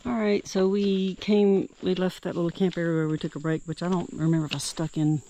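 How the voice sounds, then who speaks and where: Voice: medium pitch, level tone, fairly quick, mellow. A hiker vlogging outdoors on a forest trail, chatting casually and thinking aloud in a rambling, easygoing way. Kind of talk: casual trail vlog narration. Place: outdoors in the woods by a creek.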